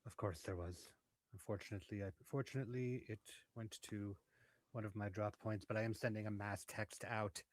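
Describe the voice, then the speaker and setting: A man playing a tabletop role-playing game, talking in a measured, calm way. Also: fairly low pitch, dry recording. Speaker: player. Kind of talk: in-character tabletop play.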